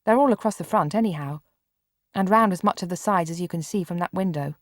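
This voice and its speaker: A woman reader voicing a bedridden boy who is blunt, brusque and quick to scold. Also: lowish voice, dry recording, studio quality, natural voice. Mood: uneasy.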